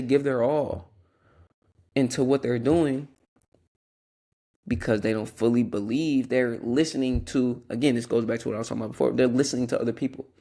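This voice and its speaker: A man's voice: mid-range voice, creaky, a little mellow. A young man hosting a Christian podcast, talking earnestly in a rambling, casual way with restarts and asides. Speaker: podcast host.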